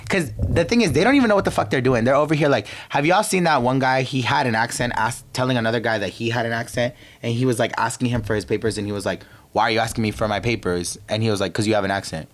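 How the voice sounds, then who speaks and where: A young podcast host from Virginia in the United States talks fast in a medium-pitched voice, barely pausing. His monologue is a brash, profane, casual rant that keeps cutting off mid-thought.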